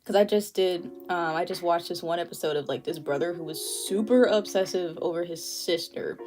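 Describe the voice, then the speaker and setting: A woman's voice: fairly low pitch, a little fast, darkish tone. Chatty young woman over faint music. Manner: chatty, laughs often, many fillers. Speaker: art livestream host. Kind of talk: casual chat while drawing.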